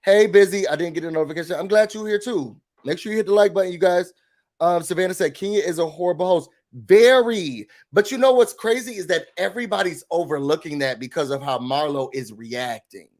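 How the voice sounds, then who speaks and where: A man hosting a casual livestream recap, talking in an animated, sassy way and pushing his opinions hard. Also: high voice, fairly quick. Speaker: YouTube recap host.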